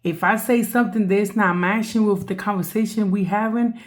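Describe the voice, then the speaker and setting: A woman hosting a reaction video, talking softly on a sore voice and mocking what she watches with laughs. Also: mid-range voice, fairly even intonation, normal speed. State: sore, strained voice. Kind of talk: reaction commentary.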